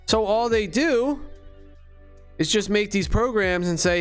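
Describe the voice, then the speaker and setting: A man's voice: high-pitched, lively intonation, slow pace, long pauses, a bit bright, clear, resonant tone, faint music behind. A man talking to his channel in a rambling, profane monologue full of rhetorical questions. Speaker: crypto vlogger.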